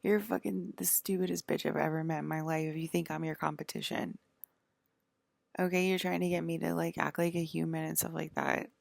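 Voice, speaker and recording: A woman's voice: deep voice, fairly even intonation, a little fast, gravelly, no echo. A woman vlogger in a rambling, profane, indignant monologue.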